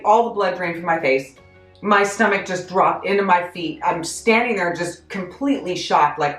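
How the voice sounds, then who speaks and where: A woman's voice: on the low side, moderate pace, soft background music. Chatty woman in an echoey room. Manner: chatty, self-deprecating, animated, with frequent laughs. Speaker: vlogger recounting a job story. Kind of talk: casual storytelling vlog.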